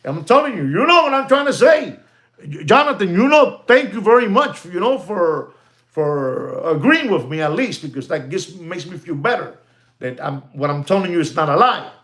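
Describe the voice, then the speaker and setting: A man livestreaming about watches talks in a voice pitched a little above the usual. He repeats himself for emphasis, drops Spanish exclamations into his English, and slides between punchy declarations and quiet mutters. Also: lively intonation, moderate pace. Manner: emphatic and repetitive, dropping to near-mutters. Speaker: watch channel host. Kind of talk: live-streamed casual rant.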